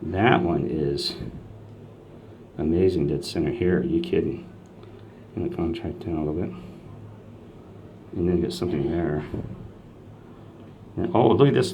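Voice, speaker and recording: Excitable rambling man talking outdoors near traffic. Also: deep voice, creaky. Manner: excitable, meandering, repeats exclamations of disbelief. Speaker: self-described street minister. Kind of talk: rambling casual vlog storytelling.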